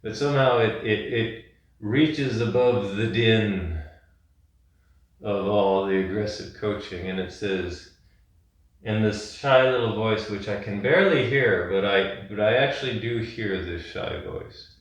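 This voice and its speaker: A man guides a yin yoga class with calm, gentle instructions and slips into a meandering story. His voice sits somewhat low and is picked up from a distance. It carries a strong, roomy echo. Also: a little slow. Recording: echoey room, distant mic.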